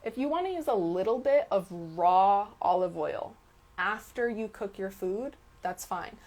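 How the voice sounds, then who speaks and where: Unhurried and animated, this woman's medium-pitched, slightly mellow voice carries her live stream Q&A. As a detox health coach responding to viewer questions, she stresses and repeats key words and frequently checks in with "okay?".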